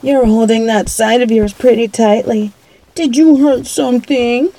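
A woman's voice: a little high, measured pace, mellow. A woman voicing a cocky, mean female bunny villain who taunts and swears in an audio role-play. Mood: taunting. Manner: taunting, mocking, swears a lot.

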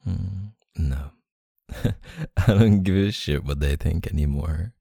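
A man speaking softly and closely in an intimate audio role-play, murmuring like a partner. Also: very deep voice, slow pace, vocal fry, slightly rough, dry recording, clean studio sound.

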